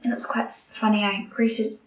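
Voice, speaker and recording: A woman's voice: a little high, flat delivery, moderate pace, slight background noise. A young woman hosting a podcast, talking candidly and earnestly in a personal monologue, sometimes dropping to a near-whisper. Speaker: podcast host. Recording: roomy, slightly dull home recording.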